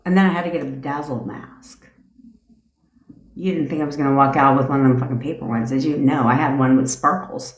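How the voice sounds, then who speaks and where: A woman's voice: a bass voice, steady tone, a little fast, reverberant. A woman hosting a casual live stream as a manifestation coach, ranting in a brash, profane way and laughing through her tangents.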